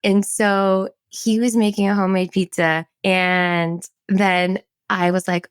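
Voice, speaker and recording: This is a woman in her thirties, hosting a podcast in a relaxed, chatty way. She has a low voice with a gravelly edge, and she tells her stories with a lot of enthusiasm. The sound is dry and close. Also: measured pace, dry recording. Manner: enthusiastic, animated storytelling. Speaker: podcast host. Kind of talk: casual interview chat.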